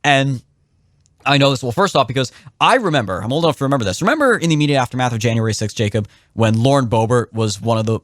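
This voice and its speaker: A young man talking quickly on a political podcast, his pitch leaping up and down as he drives home opinions. The sound is dry and close, with no room around him. He slips into the voices of people he quotes. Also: no echo. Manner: animated, opinionated, swings pitch sharply for emphasis. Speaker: podcast co-host. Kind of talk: casual political podcast chat.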